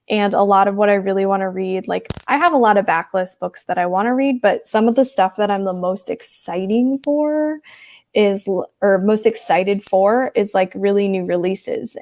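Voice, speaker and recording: Chatty young Midwestern woman, rambling. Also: mid-range voice. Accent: Upper Midwest American with some Texas Southern traces. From Wisconsin, USA. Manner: rambling and chatty, many ums and likes, reads out chat comments. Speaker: livestream host. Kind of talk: casual chat with viewers.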